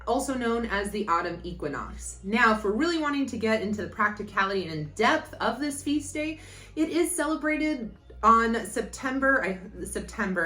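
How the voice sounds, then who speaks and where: A woman's voice: on the high side, a bit bright, roomy sound. A young woman hosting a casual vlog, bubbly and chatty, drifting into tangents and correcting herself. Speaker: yoga and witchcraft YouTuber.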